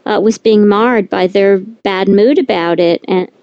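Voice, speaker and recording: A woman's voice: mid-range voice, unhurried, no room sound, muffled recording. A middle-aged woman author talking candidly and with animation as a guest in an interview. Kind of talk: conversational interview.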